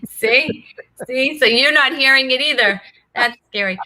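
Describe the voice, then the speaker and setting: A woman's voice: high-pitched, a little slow, background noise. A woman hosting a casual live online talk show, chatty and bubbly, laughing often as she greets viewers. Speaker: host. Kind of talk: casual live-stream chat.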